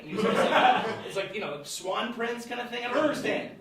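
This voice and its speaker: A young American man telling a personal story on stage, animated and laughing as he goes. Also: high voice, a little fast, a crowd in the background. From United States. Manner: animated, laughing between lines. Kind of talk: live storytelling. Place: small theatre with live audience. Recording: echoey room, far from mic, audience.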